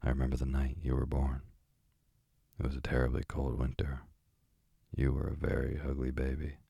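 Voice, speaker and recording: A man voicing a chatty, gossipy old female parrot in a storybook reading, in a deep, gravelly, husky voice. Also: completely flat delivery, normal speed, warm tone, no echo, clean studio sound, heavily acted.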